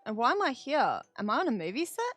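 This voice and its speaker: A vain, cat-allergic young actor from a story game, jumpy and excitable, his lines leaping up in pitch whenever something startles him, as read aloud by a woman. The voice sits high and close, with a dry sound and soft music underneath. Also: quick pace, no room sound.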